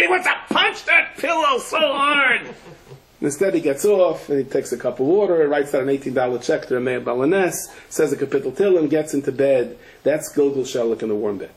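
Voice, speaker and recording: Animated rabbi telling stories. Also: male voice, medium pitch, poor audio. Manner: animated storyteller, rises to shouts at punchlines; sprinkles Yiddish and Hebrew terms, frequent restarts. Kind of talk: Torah lecture with stories.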